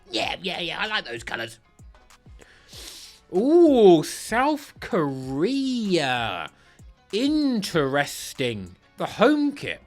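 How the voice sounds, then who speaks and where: A man giving blunt, crude, sarcastic commentary while ranking football kits. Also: fairly bright tone. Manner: blunt, crude and sarcastic, with big swings in pitch. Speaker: football kit reviewer. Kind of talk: comedic kit ranking commentary.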